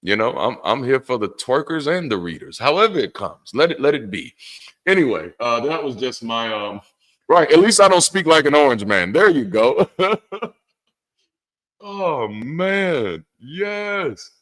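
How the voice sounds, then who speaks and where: Profane, animated man hosting a stream. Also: mid-range voice, normal speed. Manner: candid and profane, animated rants. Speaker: host. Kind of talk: casual livestream talk.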